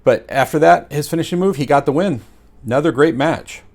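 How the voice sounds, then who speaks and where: A man with a slightly high voice rambles through a casual solo review. He gets excitable and tosses in plenty of fillers as he recaps the matches. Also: brisk. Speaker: wrestling show reviewer.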